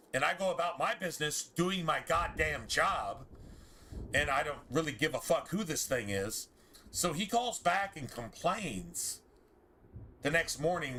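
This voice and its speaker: A man with a drawl tells a story on a game stream in a fairly high, bright, forceful voice. He rants hotly and swears freely, often stumbling and restarting his sentences. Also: slight background noise. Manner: heated, profane ranting with restarts. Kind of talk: casual storytelling while streaming.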